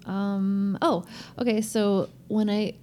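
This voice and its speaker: A woman's voice: mid-range voice, little pitch movement, slow pace, dark tone. A middle-aged woman and mother co-hosting a casual family podcast, gushing and laughing often. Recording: faint background noise.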